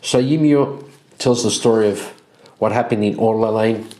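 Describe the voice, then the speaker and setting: With a fairly low pitch and a dark tone, a man runs a solo tabletop role-playing game as game master, narrating slowly and loosely and often restarting. The audio carries a roomy echo.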